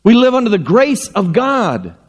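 A middle-aged male pastor preaching a sermon, telling stories in an animated way and acting out the voices. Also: normal speed. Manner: animated storytelling, acting out voices with wide pitch swings.

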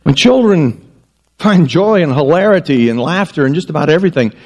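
A man's voice: fairly high pitch, a little fast. A male pastor preaching a sermon, telling stories and joking at his own expense before a congregation. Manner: animated storytelling with self-mocking jokes.

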